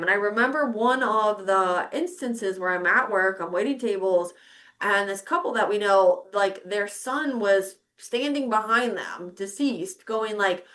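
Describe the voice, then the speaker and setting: With an expressive, slightly bright medium-pitched voice at normal speed, this middle-aged podcast host shares a personal story conversationally. She's candid and curses freely while reenacting her own past reactions.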